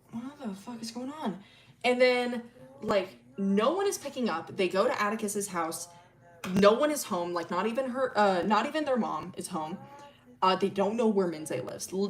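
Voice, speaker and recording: A woman's voice: medium pitch, lively intonation, moderate pace. A young woman streamer casually telling a rambling story, full of fillers and laughter.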